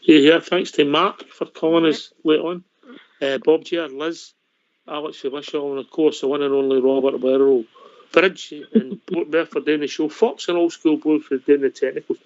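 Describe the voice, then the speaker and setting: A man's voice: a little high, fairly even intonation, moderate pace, a little mellow, no room sound. A Scottish man hosting a casual fan radio phone-in, chatty and matey. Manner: chatty, matey sign-offs. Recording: lo-fi dry online call audio.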